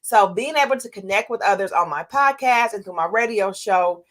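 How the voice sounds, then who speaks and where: A woman's voice: medium pitch, animated, moderate pace, a bit bright. A woman who is a public speaker, talking earnestly as a guest on a podcast, with plenty of fillers. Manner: earnest, encouraging, many fillers. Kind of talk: casual interview chat.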